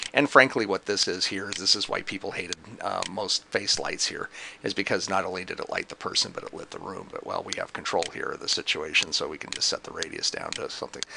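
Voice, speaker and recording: A man walking through a piece of lighting software in a casual screen-recorded tutorial, thinking aloud with plenty of ums and uhs. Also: low-pitched, gravelly. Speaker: software demonstrator. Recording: noisy home recording with mouse clicks.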